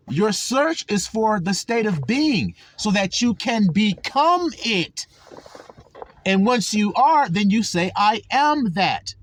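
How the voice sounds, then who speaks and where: A man's voice: high voice, sing-song, slow pace. A man giving sermon-style teaching, emphatic, drawing out key words and asking his listeners again and again if they see it. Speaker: religious teacher.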